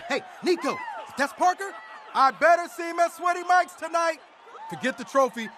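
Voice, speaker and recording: An actor playing an excited young male football captain who shouts over the noise around him. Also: very high voice, normal speed, a crowd in the background.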